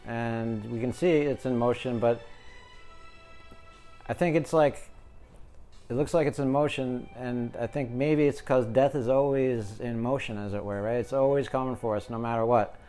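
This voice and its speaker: A man's voice: mid-range voice, fairly even intonation, moderate pace, dark tone. A man giving a casual, jokey tarot reading, talking to his viewers as the collective. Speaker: tarot reader. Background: music.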